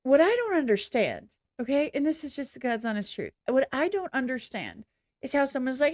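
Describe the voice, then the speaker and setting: A woman hosting a casual reaction video, talking in a rambling, halting way with blunt opinions. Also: sits high, sing-song, darkish tone, no room sound, clean studio sound. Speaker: reaction channel host. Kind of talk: casual unscripted reaction commentary.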